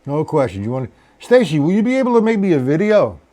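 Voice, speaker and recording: A man's voice: on the high side, very animated, fast talker, dark tone. A man teaching a live-streamed drum lesson, patiently explaining strokes and counting beats aloud, and encouraging viewers by name.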